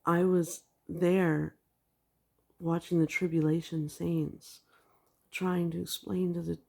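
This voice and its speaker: Taking it slowly, a woman whose voice is on the low side, creaky, and a little mellow describes her dreams in a level tone. She's a video blogger on a religious vlog, rambling casually with plenty of "like."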